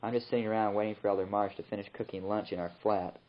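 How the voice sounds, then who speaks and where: A young missionary man recording a rambling, relaxed spoken letter home in his flat. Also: fairly low pitch, racing. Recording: muffled old tape recording.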